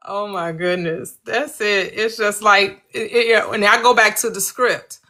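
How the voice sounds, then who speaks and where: A woman's voice: mid-range voice, measured pace, bright, forceful tone. A woman hosting a casual spiritual discussion, talking in an enthusiastic, preacherly and affirming way.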